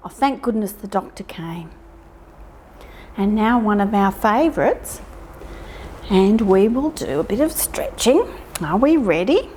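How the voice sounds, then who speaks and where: An Australian woman leading toddlers through nursery rhymes and action songs, singing and speaking in a slow, exaggerated sing-song with some whispered quiet parts. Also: mid-range voice, expressive, slightly rough. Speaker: children's librarian leading rhyme time.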